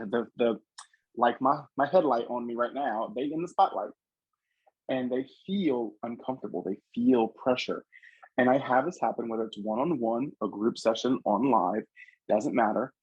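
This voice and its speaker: A man's voice: mid-range voice, moderate pace, slightly rough, dry recording, lo-fi sound. A man who works as a psychic medium, telling stories from his readings in an earnest, casual interview manner. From Louisiana. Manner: earnest storytelling, animated quoting of others.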